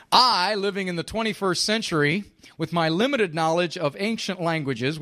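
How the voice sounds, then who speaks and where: A man with a somewhat high voice speaks to a live audience. He is emphatic and sarcastic and keeps firing rhetorical questions. His tone stays punchy throughout. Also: a bit bright. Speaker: speaker giving a talk.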